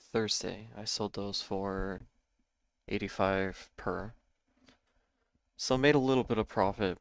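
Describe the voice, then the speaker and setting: Male trader, lowish gravelly voice, measured think-aloud delivery, dry close mic. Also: no echo. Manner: measured, thinking aloud with small self-corrections. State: yawning, a bit tired. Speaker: day trading streamer. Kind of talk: live market commentary.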